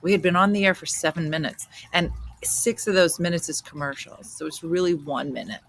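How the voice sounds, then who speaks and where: A woman in her fifties with a New Jersey accent, hosting a casual chat show and telling stories in a loud, animated way. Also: deep voice, brisk. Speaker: host.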